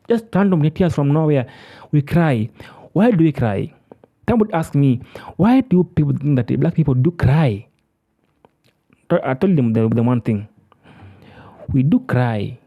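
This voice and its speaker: Lively, preachy speaker. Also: mid-range voice. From Africa. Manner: emphatic, preachy, repeats words. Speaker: commentator. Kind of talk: impassioned monologue.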